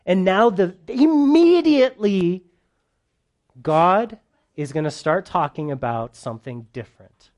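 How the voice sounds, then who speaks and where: High-voiced male preacher, animated and playful, leading a verse-by-verse sermon before a live congregation. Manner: animated, joking with the congregation, swings between loud and soft. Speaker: pastor. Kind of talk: sermon, verse-by-verse Bible teaching.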